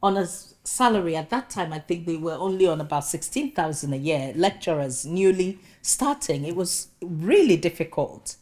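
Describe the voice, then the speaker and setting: Lively Nigerian woman telling her story. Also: lowish voice, moderate pace, few pauses. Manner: animated storytelling with humorous asides. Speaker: guest speaker, professor. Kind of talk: personal-story lecture.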